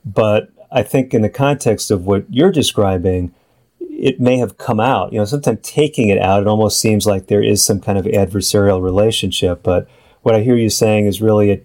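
Low-voiced male interview host. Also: a little mellow. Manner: measured, reflective, sums up the guest's points. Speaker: radio talk show host. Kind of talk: interview hosting.

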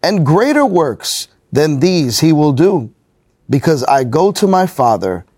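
A man in a Bible study group reading a scripture passage aloud in a steady manner. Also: a little high, a little slow, dry recording, clean studio sound.

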